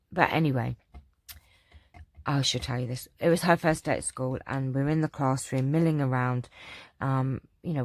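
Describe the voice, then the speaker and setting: A woman's voice: rumbling low, dry recording, clean studio sound. An older woman from London with a Cockney accent, casually chatting to her viewers and telling rambling stories full of ums and restarts. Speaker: channel host answering viewer questions. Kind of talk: casual chat.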